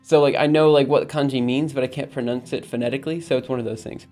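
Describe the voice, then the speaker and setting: A man's voice: medium pitch, steady tone, fast talker, darkish tone. A man hosting a casual coding livestream, talking to chat in an upbeat, rambling way with many fillers, with faint music behind him. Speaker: livestream host.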